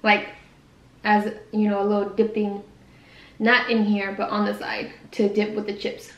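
A woman's voice: mid-range voice, completely flat delivery, roomy sound, muffled recording. A young woman vlogger chatting casually while eating, rambling and correcting herself as she goes. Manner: rambling, self-correcting, says she talks fast. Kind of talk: casual mukbang chat. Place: quiet room at home.

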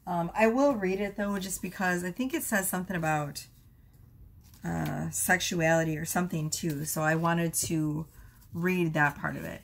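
A woman giving a casual tarot reading, rambling with many fillers and asides, her voice going hoarse. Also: lowish voice, fairly even intonation, normal speed, slight background noise. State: losing her voice. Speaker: tarot reader.

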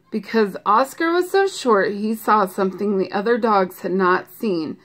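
A woman reading a children's picture book aloud, gentle and expressive with playful asides to young listeners. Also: mid-range voice, measured pace. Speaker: storybook reader.

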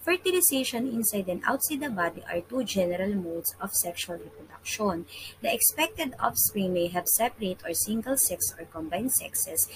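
A woman with a Filipino accent reading a science lesson aloud as a teacher, steady and measured, with occasional restarts. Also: medium pitch, a little hiss or hum, poor audio.

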